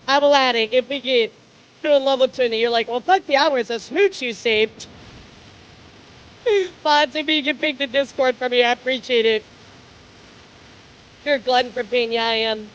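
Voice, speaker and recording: A woman streaming live, chatting casually with viewers in an excitable way, laughing, swearing and stammering through repeats. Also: high-pitched, moderate pace, long pauses, lo-fi sound, a little hiss or hum. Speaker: livestreamer. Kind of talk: casual livestream chat with viewers.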